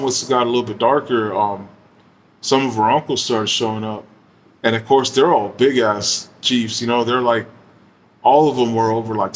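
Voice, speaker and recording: A man of average pitch recounts a story in a loose, easygoing way, peppering it with slang, curses and "you know"s. He talks like he's hanging out with friends, and a faint hiss of noise sits under his voice. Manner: laid-back, slangy and profane, heavy use of fillers. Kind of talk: casual storytelling.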